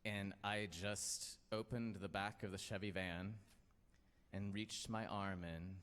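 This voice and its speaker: A man's voice: on the low side, steady tone, slow, a bit bright. A man hosting a live storytelling night, telling a personal story in a rambling, self-deprecating way with many fillers. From United States. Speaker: storytelling show host. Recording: long hall reverb.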